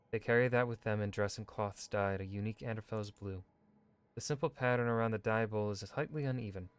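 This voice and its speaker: Smooth-voiced man reading game lore. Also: fairly low pitch. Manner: measured, steady reading with brief asides. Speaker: gaming streamer.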